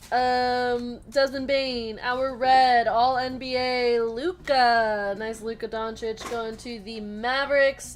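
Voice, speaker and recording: A woman with a somewhat high voice hosts a live card break stream. She chats easily and giggles often between card calls while she reads out comments from the chat. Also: a little hiss or hum.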